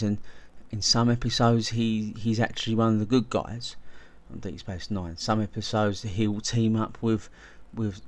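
Lower-pitched man rambling through fan commentary. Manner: enthusiastic, rambling, with frequent restarts and repeated words. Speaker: video essay host. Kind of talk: casual spoken video commentary.

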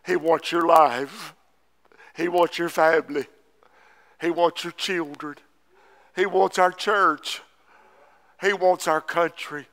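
A man pastor, preaching a fervent sermon that rises into shouts. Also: a little high, steady tone, takes it slowly, long pauses. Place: church sanctuary.

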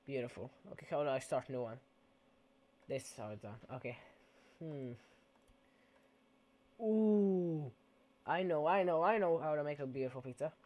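A man's voice: fairly high pitch, expressive, moderate pace, long pauses, background noise. A man giving casual gameplay commentary in a goofy, playful way, dropping mock-Italian exclamations.

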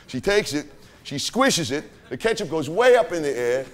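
A man's voice: fairly high pitch, sing-song, normal speed, fairly bright tone. A man performing a swaggering, profane streetwise young guy on a live stage, telling a rowdy party story and forever asking "right?". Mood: boastful. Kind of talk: live stage character monologue. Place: theater stage.

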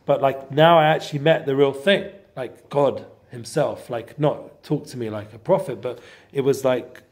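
A man giving a casual inspirational talk to a group, rambling with many fillers and breaking into sudden loud bursts. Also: medium pitch. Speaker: guest speaker.

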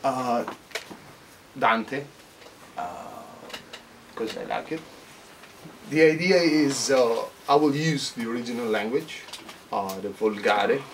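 A poet at a bookshop reading, speaking slowly and deliberately with joking asides. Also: male voice, medium pitch, far from the mic, a little hiss or hum, rough recording. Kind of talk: poetry reading.

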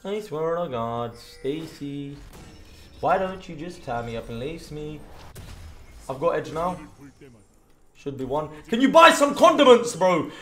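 A young British man, a streamer, giving crude, joking live commentary on his game with sudden shouted outbursts. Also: a little high, big pitch swings, a little slow, long pauses, faint music behind. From Britain. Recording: roomy echo.

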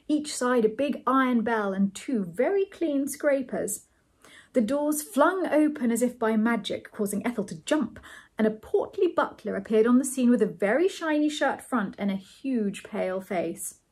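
Woman narrator, storybook read-aloud, breathy and a bit high. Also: animated, moderate pace, a little mellow. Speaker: reader of a novel.

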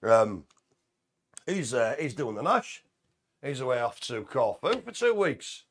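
A man's voice: medium pitch, big pitch swings, unhurried. A man co-hosting a live community show, chatting in a jokey, easygoing way. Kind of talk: casual live chat.

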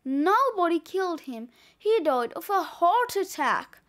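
A woman's voice: very high-pitched, big pitch swings, measured pace, fairly bright tone, heavily acted. A woman reading aloud and voicing a cocky, boastful schoolboy who is sure of his own genius. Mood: matter-of-fact. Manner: boastful, breezy. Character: cocky boy, a scheming schoolkid author.

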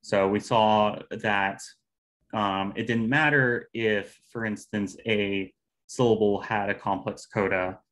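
Low-voiced man presenting linguistics research. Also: steady tone, a bit bright. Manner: measured, uses fillers. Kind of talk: academic talk on phonology.

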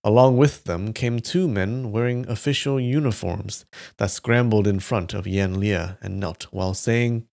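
A man reading a story aloud on a live stream with steady delivery. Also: lowish voice, unhurried, creaky. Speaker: live reader.

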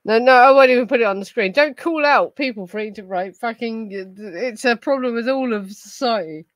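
A woman's voice: a little high, moderate pace, dry recording, low-quality recording. Tipsy, ranting woman. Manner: ranting, rambling and heavy swearing. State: tipsy from gin. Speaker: host of a true crime livestream. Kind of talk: casual livestream chat, responding to viewers.

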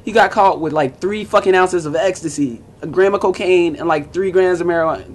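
A man's voice: high voice, fairly quick. A young man vlogging to camera in a casual, profane rant, blunt and mocking as he talks over music and forum posts.

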